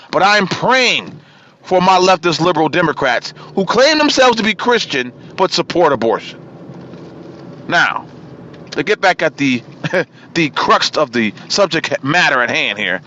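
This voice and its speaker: Heard through a muffled recording with a bit of hiss or hum, this political talk radio host speaks in a bright, pushed voice on the high side. He rants fiercely, hammers his points through repetition, and names the people he's attacking.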